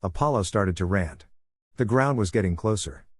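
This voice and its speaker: A man's voice: on the low side, expressive, moderate pace, slightly rough, no echo, clean studio sound. A man reading fan fiction aloud, narrating and voicing the dialogue with little character acting. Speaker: fanfiction reader.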